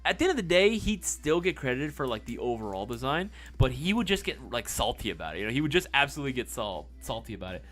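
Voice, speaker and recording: A man hosting a casual live-stream sales chat, playful and quick to swear. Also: medium pitch, very animated, fairly bright tone, soft background music.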